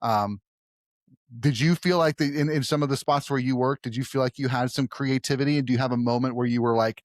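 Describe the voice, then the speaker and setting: A man's voice: mid-range voice, fairly even intonation, a little fast, no echo, clean studio sound. A man hosting a film podcast, talking casually and rambling, often trailing off and restarting. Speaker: podcast host.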